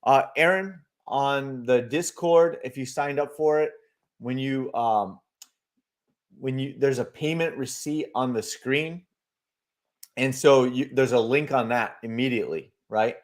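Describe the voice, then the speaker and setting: On his market livestream, an analyst host talks a little slowly at a medium pitch. He chats loosely about charts, reads out viewers' comments and answers them, using many fillers.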